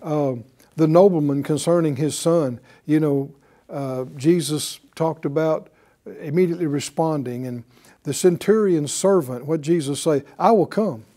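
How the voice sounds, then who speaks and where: A man with a slightly high, warm voice teaches a sermon. His slow, questioning style invites the audience to answer back in call-and-response.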